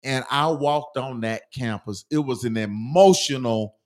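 A man co-hosting a casual sports talk show, telling stories in an animated, emotional drawl. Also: mid-range voice, a little slow.

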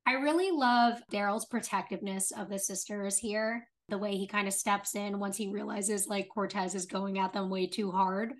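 A woman's voice: mid-range voice, fairly even intonation, normal speed, hardly any pauses. A young woman with a mid-range voice chats on a podcast. She is eager and opinionated and leans on "like" as she talks. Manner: enthusiastic, opinionated, leans on 'like'. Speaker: podcast co-host. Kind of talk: casual chat.

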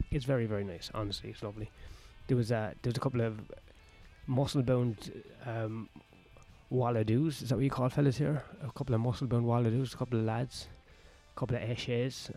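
A stand-up comedian, rambling crudely and jokingly in a casual vlog, recorded outdoors on a patio. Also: male voice, medium pitch, fairly even intonation, fairly quick, mellow, soft background music.

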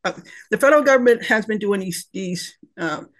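Guest professor, fired up and emotional, middle pitch, trips over words. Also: animated, brisk. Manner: impassioned, emotional, frequent restarts. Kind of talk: passionate panel discussion.

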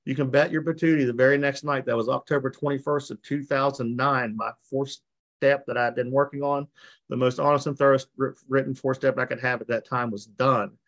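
A man's voice: mid-range voice, fairly even intonation, fairly quick, fairly bright tone, muffled recording. A man giving a personal recovery testimony on a video call, telling his story in a folksy way and acting out the people he quotes. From West Virginia. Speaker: recovery meeting speaker.

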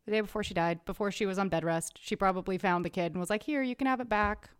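A woman's voice: medium pitch, fast, clear, resonant tone. Chatty woman podcast co-host. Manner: chatty, asks questions, quotes people in little voices. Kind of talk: casual film discussion.

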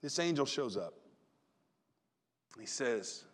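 A man preaching a sermon in a relaxed, conversational storytelling way, often restarting his phrases. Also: sits high, a little slow. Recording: long reverb of a large hall.

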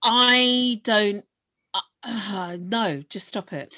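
A woman's voice: medium pitch, extremely slow, sharp tone. A woman co-hosting a podcast, chatting bluntly and teasing her co-host, swearing casually. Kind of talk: casual chat.

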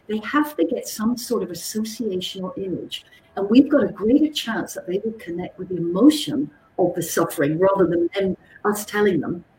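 A woman psychologist gives a teaching talk, telling lively anecdotes and checking in with her listeners as she goes. Her voice is mellow and warm. It sounds roomy and echoey, with a faint hiss behind it. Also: medium pitch. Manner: lively, animated storyteller who checks in with "okay?". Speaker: psychologist and communications trainer.

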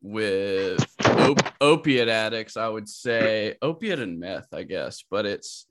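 A man's voice: fairly low pitch, expressive, takes it slowly. A man hosting a podcast in casual chat, rambling and often restarting his sentences. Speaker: podcast host.

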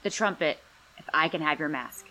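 A woman's voice: low voice, normal speed, bright, forceful tone, slight background noise. A woman player chatting eagerly and asking curious questions at a tabletop game. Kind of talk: casual tabletop play.

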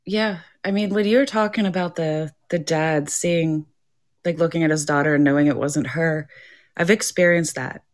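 A woman's voice: deep voice, fairly even intonation. A woman hosting a casual podcast chat, asking follow-up questions and laughing easily. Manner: chatty, quick to laugh, asks follow-up questions. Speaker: podcast host.

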